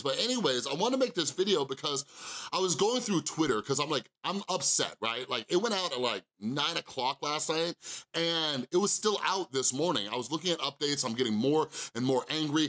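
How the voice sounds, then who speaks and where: Chatty bright-voiced man vlogging. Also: medium pitch. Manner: animated, rambling, conversational with many fillers. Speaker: vlogger, channel host. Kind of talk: casual vlog storytelling.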